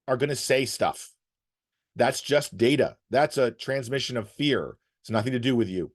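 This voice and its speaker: A man giving advice to emergency workers, telling stories and acting out the people in them. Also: fairly high pitch. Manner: animated, acts out quotes in story. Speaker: guest speaker on resilience. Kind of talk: storytelling advice talk.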